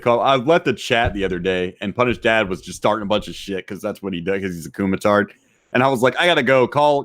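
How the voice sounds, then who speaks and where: A man's voice: lowish voice, a bit bright. Man, podcast guest, crude, profane, brash, casual chat. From Texas.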